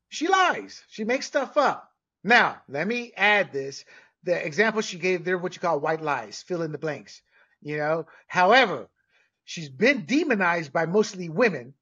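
A man's voice: high voice, very animated, unhurried, pushed and bright, dull audio. A man hosting a sports podcast, giving blunt, emphatic opinions in a ranting way. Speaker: podcast host.

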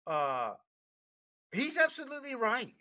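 A man's voice: very high-pitched, wildly swooping pitch, a little slow, bright, forceful tone, distant mic, highs cut off. A man hosting a talk show, giving blunt opinionated commentary with laughs and restarts. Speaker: podcast host.

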